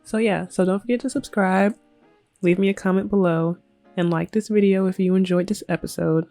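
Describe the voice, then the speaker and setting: A woman's voice: mid-range voice, steady tone, normal speed, dark tone, dry recording. A woman hosting a let's play, casually narrating her game in a chatty, storytelling way. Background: faint music.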